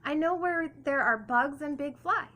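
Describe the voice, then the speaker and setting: A woman's voice: sits high, measured pace, sharp tone. A woman voicing an eager young male duck, persuasive and upbeat. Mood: coaxing.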